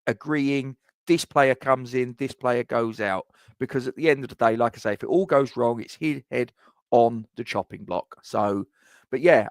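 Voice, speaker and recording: A man's voice: medium pitch, vocal fry, no echo. A man hosting a fan live stream, chatting casually in rambling sentences with frequent restarts and asides. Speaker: fan channel host.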